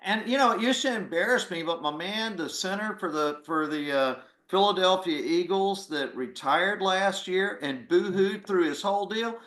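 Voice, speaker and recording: A man's voice: sits high, normal speed, few pauses, fairly bright tone, echoey room. A man, a former army officer and author, talking earnestly and with feeling in a conversation over a video call. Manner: earnest, heartfelt, voice catching with emotion.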